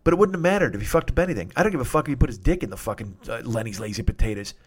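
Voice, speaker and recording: A middle-aged man hosts a podcast, talking at an ordinary mid pitch. He rambles through a comic monologue full of swearing and now and then bursts out loudly. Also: racing, husky. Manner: profane, animated, with sudden loud outbursts.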